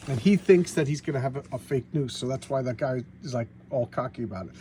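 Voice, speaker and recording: Mellow-voiced man rambling about comics. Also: medium pitch, fast talker, slight background noise. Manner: rambling, stumbling restarts, retells plots offhand. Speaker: comic book collector reviewing back issues. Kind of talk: casual spoken comic review.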